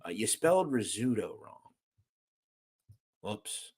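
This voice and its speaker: A man's voice: lowish voice, sing-song, slow, husky. A man hosting a casual livestream, reading viewer comments aloud and joking around. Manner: loose, joking, swings from loud to mumbled asides. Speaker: host.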